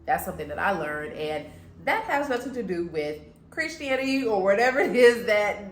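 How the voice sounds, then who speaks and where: A woman from Florida co-hosting a casual chat, talking in a measured, conversational way with frequent fillers. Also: medium pitch, very animated. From Florida, USA. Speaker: podcast co-host. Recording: echoey room with faint noise.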